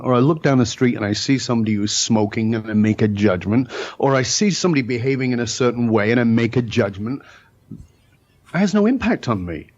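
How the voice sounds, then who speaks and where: A man's voice: mid-range voice, a little mellow, lo-fi sound. Blunt, emphatic middle-aged man. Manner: emphatic, blunt, occasionally profane. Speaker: podcast guest. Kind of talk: storytelling in a podcast interview.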